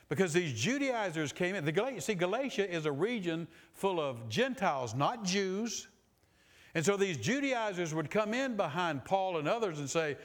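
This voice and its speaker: A man preaching a sermon in a folksy, animated way, retelling scripture in plain talk. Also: high voice, moderate pace. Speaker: pastor.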